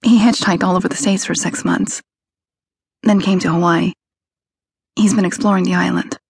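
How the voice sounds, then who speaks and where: A woman narrator voicing an anxious, tearful young woman with a breathy voice, pitched up from her own and slipping into whispers. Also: steady tone, normal speed, no echo. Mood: proud.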